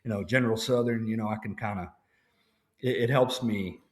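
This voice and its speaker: Low-voiced man telling stories loosely. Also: fairly quick. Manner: relaxed storyteller, many fillers and restarts. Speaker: actor guest. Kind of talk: casual interview chat.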